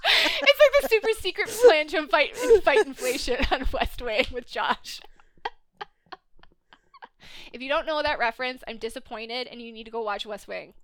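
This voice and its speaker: A middle-aged woman in casual podcast chat, animated, swearing freely and acting out quotes with laughs. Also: high voice, normal speed.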